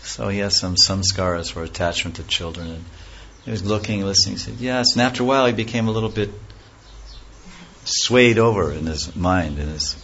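A man telling a scripture story as a lecture, animated, acting out characters' voices and laughing often. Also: low voice, fairly quick, a little hiss or hum. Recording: dull lo-fi recording with faint ambience.

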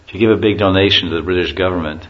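Deep-voiced man giving a casual spiritual talk. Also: fairly even intonation, very fast. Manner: storytelling, chuckling, acts out quotes. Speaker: spiritual teacher. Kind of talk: informal religious lecture. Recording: muffled lo-fi recording with faint hiss.

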